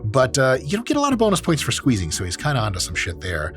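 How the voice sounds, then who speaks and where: A man's voice: medium pitch, wildly swooping pitch, quick pace, faint music behind. A man who is an exercise science professor, hosting and giving joking, profane commentary on training clips. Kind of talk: casual commentary on training videos.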